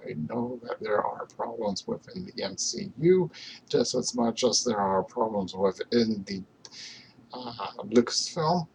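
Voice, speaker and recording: Slow, gravelly-voiced Canadian man rambling. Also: mid-range voice, lively intonation, darkish tone, slight background noise, poor audio. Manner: meandering, halting, many fillers and restarts. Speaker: solo streamer. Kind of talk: rambling casual vlog chat.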